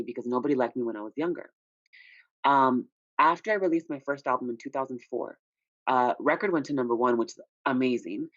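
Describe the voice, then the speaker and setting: A man's voice: mid-range voice, fairly bright tone, no room sound. A man, a recording artist being interviewed, talking candidly and telling stories with frequent "you know" asides. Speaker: independent recording artist, guest. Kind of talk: casual interview chat. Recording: dull lo-fi dry recording.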